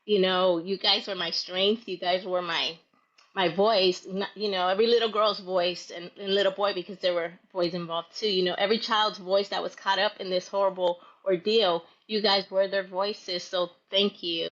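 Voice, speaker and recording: A woman guest speaking in an emotional, halting, grateful way. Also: mid-range voice, fairly even intonation, fairly bright tone, highs cut off. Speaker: guest, military parent. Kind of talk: interview storytelling.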